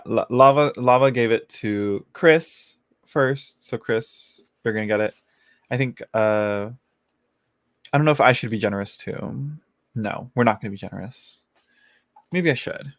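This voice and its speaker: A man hosting a live tarot reading, talking to viewers in a loose, chatty way. He giggles often and keeps trailing off mid-sentence and starting again. His voice sits at an everyday middle pitch and sounds dry and close, with no room around it. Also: a little slow, pauses often, no echo. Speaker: tarot reader answering viewers. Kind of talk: casual live-stream chat.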